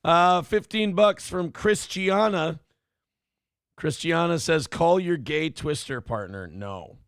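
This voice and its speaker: A man's voice: a little high, expressive, slow, clear, resonant tone, dry recording, studio quality. A man hosting a late-night stream, a little drunk and tired, swearing freely and ranting when annoyed. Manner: swears a lot, grows irritated and rants. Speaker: streamer host. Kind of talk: profane casual stream chat.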